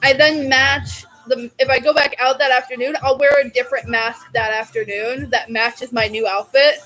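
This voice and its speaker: A woman's voice: high voice, steady tone, moderate pace, sharp tone, faint music behind, poor audio. A young woman vlogging in a casual, chatty way, gushing and laughing often. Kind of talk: casual chat.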